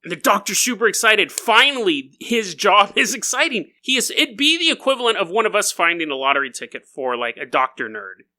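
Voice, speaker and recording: A man hosting a podcast, telling stories in a goofy, animated comedic monologue and often laughing as he talks. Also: high-pitched, fairly quick, few pauses. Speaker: podcast host.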